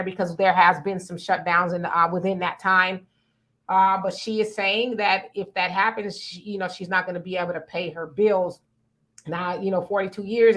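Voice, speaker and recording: A woman's voice: medium pitch, fairly bright tone. A woman co-hosting a live online talk show, greeting viewers by name and chatting with many fillers. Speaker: livestream co-host. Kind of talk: casual livestream chat, reading comments.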